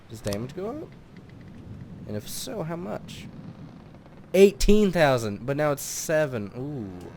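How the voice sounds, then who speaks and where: A man hosting a let's play, muttering his thoughts aloud as he builds and tests, then bursting into excited shouts. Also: medium pitch, a little hiss or hum. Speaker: gaming channel host.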